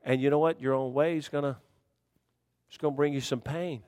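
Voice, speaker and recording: A man preaching a sermon in folksy dialect, swinging between shouted warnings and hushed, quiet storytelling. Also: on the high side, steady tone, a little fast, dry recording.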